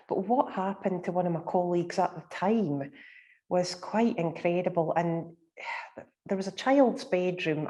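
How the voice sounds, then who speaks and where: Mellow-voiced woman telling ghost stories. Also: on the low side. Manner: chatty, measured, with many fillers. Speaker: paranormal researcher. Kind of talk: storytelling in conversation.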